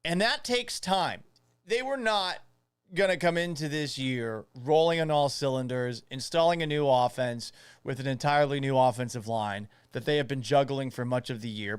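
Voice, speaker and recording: A man hosting a sports talk podcast, animated and sarcastic, with a punchy, opinionated delivery. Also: medium pitch, clear, resonant tone, dry recording. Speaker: sports radio and podcast host.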